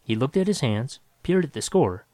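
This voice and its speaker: A man reading a science fiction story aloud with dramatic, expressive narration. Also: medium pitch, moderate pace.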